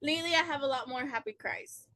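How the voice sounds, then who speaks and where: Tired giggly woman guest, high sharp voice, talks about crying at little stuff. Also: quick pace, no room sound. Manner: giggly, laughs often. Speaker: business owner guest. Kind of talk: casual chat.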